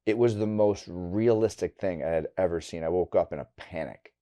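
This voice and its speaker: A middle-aged man from Wisconsin, a podcast guest telling a personal story candidly and bluntly, going quiet and halting on hard memories. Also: sits low. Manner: candid and blunt, with casual swearing.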